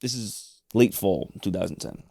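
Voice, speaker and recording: Gravelly low-voiced man telling a story. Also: moderate pace, no room sound. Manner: animated, laughs often, rambling restarts. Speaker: podcast co-host. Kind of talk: casual storytelling chat.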